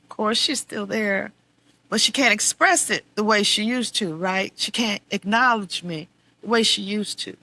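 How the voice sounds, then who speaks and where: Bright-voiced middle-aged woman, heartfelt and wry. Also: mid-range voice, moderate pace. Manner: heartfelt and wry, shifting between quiet reflection and exasperated venting with laughs. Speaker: podcast host. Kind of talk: candid personal storytelling.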